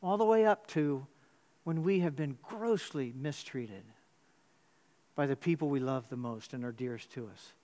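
A man preaches a sermon in a church. He tells his story with animated swings, jumping suddenly up in pitch before settling back down into a steady, measured delivery. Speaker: pastor.

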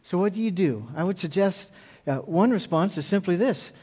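A man's voice: high-pitched, expressive, normal speed, dark tone, husky. A male pastor preaching a sermon earnestly, repeating key phrases for emphasis.

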